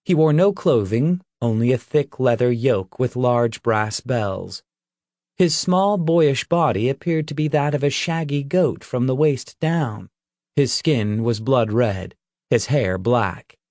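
A man reading a fantasy story aloud, unhurried and measured. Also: medium pitch, animated, darkish tone, dry recording, studio quality. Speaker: audiobook narrator. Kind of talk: scripted narration.

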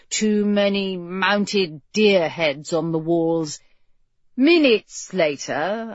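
A woman's voice: on the low side, dry recording. A woman narrating a storybook in a wry, playful scripted read. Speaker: audiobook narrator. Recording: dull lo-fi, dry.

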